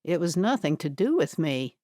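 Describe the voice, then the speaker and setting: A shifty young man with a menacing edge who bristles defensively, as a woman puts him on. His voice sits low and dark and speeds up when he is pushed. The sound is dry and close. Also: very animated, moderate pace, no room sound.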